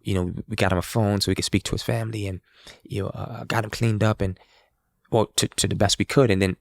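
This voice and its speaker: A man's voice: fairly low pitch, fast, gravelly, no room sound, clean studio sound. A man, a street musician, telling a story in casual talk and acting out the dialogue of the people in it. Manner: animated, acts out quoted dialogue.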